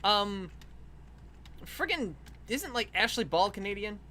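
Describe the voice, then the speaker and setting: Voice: medium pitch, animated, takes it slowly, pushed and bright, a little hiss or hum. A co-host in casual chat, rambling, laughing often and swearing casually.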